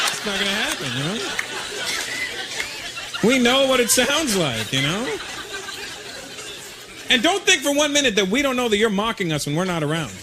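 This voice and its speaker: A man with a high, lively voice works a stand-up set on stage, chatting to the crowd in an animated way. He keeps slipping into mock voices between the bits. The live recording has a lot of noise underneath. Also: brisk, long pauses. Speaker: stand-up comedian. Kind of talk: stand-up comedy routine. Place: comedy stage before a live audience.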